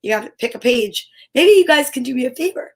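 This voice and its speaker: Bubbly high-voiced woman hosting kids' story time. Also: fast. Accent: New Jersey. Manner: animated, sing-song talk to children. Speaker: children's story time host. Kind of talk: live-streamed children's program.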